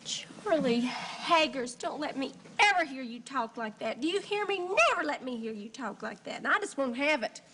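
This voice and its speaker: An actress playing a bubbly, devoted young wife in a television comedy, gushing chirpy reassurance. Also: female voice, sits high, very animated, fairly quick, few pauses, noisy background.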